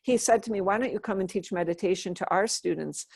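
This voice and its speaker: Woman in her fifties, lively storyteller, dry close sound, acts out voices. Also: medium pitch, fast, vocal fry, husky, no room sound. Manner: animated storyteller, acts out quoted dialogue. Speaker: interview guest, Buddhist nun. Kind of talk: storytelling in a relaxed interview.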